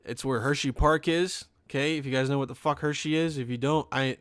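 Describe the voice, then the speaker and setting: A young man from Pennsylvania hosting a podcast, telling a funny story in a rambling, profane, animated way. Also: mid-range voice, brisk, no room sound, clean studio sound. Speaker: podcast host. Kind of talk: comedic storytelling.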